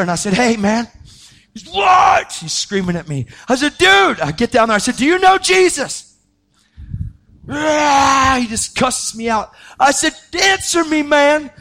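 High-voiced animated man preaching. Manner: animated, acts out quoted voices, pitch jumping up when excited. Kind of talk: sermon testimony storytelling.

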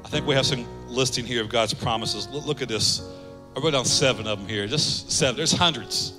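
A man pastor preaching a sermon, earnest, repeating phrases for emphasis and dropping soft on key lines. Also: medium pitch, a little fast, big-room sound, music in the background.

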